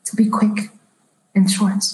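A woman's voice: medium pitch, completely flat delivery, mellow, reverberant, close to an everyday voice. Woman doing a rambling, confused old lady. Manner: rambling, halting, trails off.

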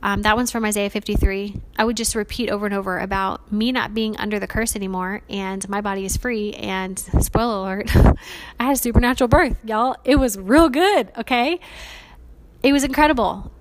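A woman's voice: medium pitch, normal speed, a little hiss or hum. A woman in the middle of her range talks through a personal faith story on her podcast. She is earnest and chatty, with loose fillers and asides to her listeners. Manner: earnest, chatty, many fillers like "like" and "you guys". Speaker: podcast host.

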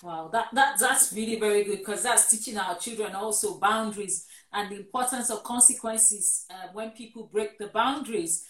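A woman's voice: mid-range voice, normal speed, few pauses, fairly bright tone, reverberant, rough recording. A woman hosting a church-run talk show about relationships, who affirms her guest and sums up the episode.

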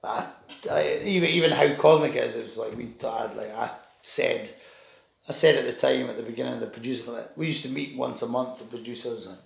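Fairly quick and steady in tone, a man with a medium-pitched, gravelly voice rambles through a story in casual conversation. He swears, restarts, and acts out voices. The sound carries echo from the room.

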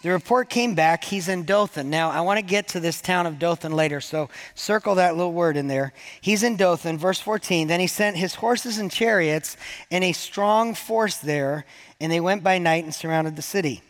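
A man's voice: high voice, normal speed. A man preaching a sermon to his church in a conversational, joking way, acting out the quoted lines. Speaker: pastor.

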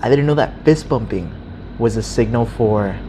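A young man casually telling a story, animated and swearing freely, acting out the people in it. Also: medium pitch, moderate pace, a little hiss or hum. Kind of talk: casual chat.

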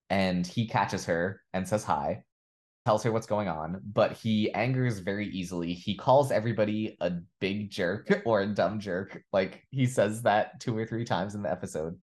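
A man co-hosting a podcast, casually recapping a TV episode in a relaxed storytelling way. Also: on the low side. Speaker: podcast co-host.

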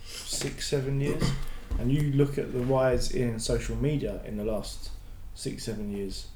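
Casting: mid-pitched bloke, rambling podcast co-host, echoey room. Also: male voice, fairly even intonation, a little slow, warm tone. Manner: rambling, swears, acts out quotes. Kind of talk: casual chat. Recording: roomy room with faint noise.

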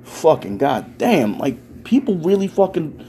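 A young man, delivering a loud, profane rant in a casual stand-up style. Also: on the high side, moderate pace. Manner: loud, swearing, ranting, animated. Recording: faint background noise.

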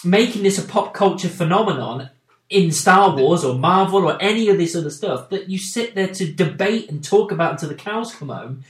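A man's voice: high-pitched, lively intonation, normal speed. A man, hosting a casual podcast and reviewing a film with emphatic, opinionated talk. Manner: emphatic, opinionated, restarts phrases. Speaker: podcast host. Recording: echoey room.

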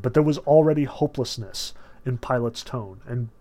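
A man lecturing on a novel, emphatic and animated, with sudden surges of stress and casual asides. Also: mid-range voice, moderate pace. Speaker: literature lecturer.

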